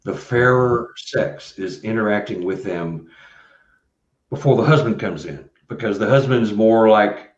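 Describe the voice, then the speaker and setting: A man's voice: fairly low pitch, unhurried. A man from Missouri, a guest on a video call, talking casually and rambling with many fillers. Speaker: guest researcher. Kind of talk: casual interview talk. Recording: roomy, dull video-call audio.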